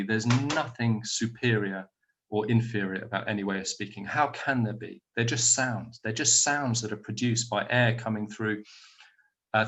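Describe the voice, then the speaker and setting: A man's voice: fairly low pitch, fairly bright tone. A man speaking at an online conference, answering audience questions over a video call from home in a thoughtful, explanatory way.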